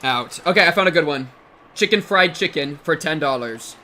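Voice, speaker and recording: A man in his twenties chatting casually with his stream chat, excitable and jokey, breaking into loud yelps and shouts. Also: fairly high pitch, moderate pace, a little hiss or hum. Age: 20s.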